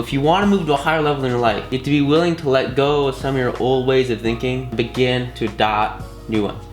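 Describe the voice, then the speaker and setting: A man's voice: medium pitch, steady tone, a little fast, roomy sound, soft background music. Enthusiastic man teaching a course. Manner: enthusiastic, slangy, many fillers and restarts. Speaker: course instructor. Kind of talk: casual recorded course lesson.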